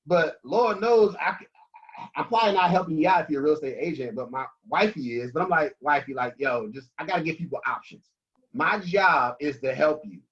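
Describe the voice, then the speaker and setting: A man talking about money on a video call, emphatic, slangy and energetic. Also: on the high side, slightly rough. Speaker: financial coach guest. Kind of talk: animated motivational talk on a video call. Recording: dull lo-fi call audio.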